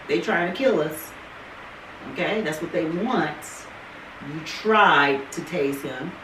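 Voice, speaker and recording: A Californian woman venting in a heated casual chat, swearing freely and hammering her points with repetition. Her voice is bright and swings widely in pitch. She sounds a bit distant, in a roomy space with faint noise behind. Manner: profane, emphatic, repeats herself.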